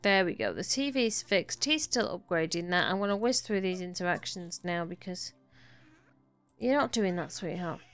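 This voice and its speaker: A woman's voice: on the low side, big pitch swings, moderate pace, a bit bright, clean tone, soft background music. A woman giving casual commentary on a life-simulation game, chatting fondly to her characters as she plays. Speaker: gaming YouTuber. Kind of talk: casual Let's Play commentary.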